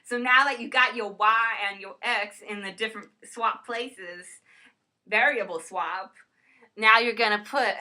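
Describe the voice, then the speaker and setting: A woman's voice: on the high side, unhurried, sharp tone. A woman co-hosting a playful homemade math lesson skit, rambling and stumbling over the math terms as she explains.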